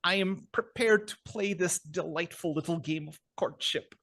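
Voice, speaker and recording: A florid, theatrical gentleman, as a man acts him out in an improv comedy show. He savors every word with polished precision. The voice sits a little high. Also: normal speed. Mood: suave. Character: suave Austrian actor persona, man, urbane and theatrical.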